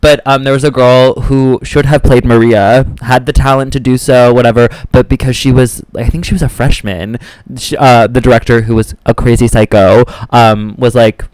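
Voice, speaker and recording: A young man from Wisconsin with a smooth, resonant voice in a dry, close recording. He tells stories with sass and dramatic flair, quick to joke, in casual podcast chat. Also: mid-range voice, steady tone, a little mellow, no echo, rough recording. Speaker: podcast co-host.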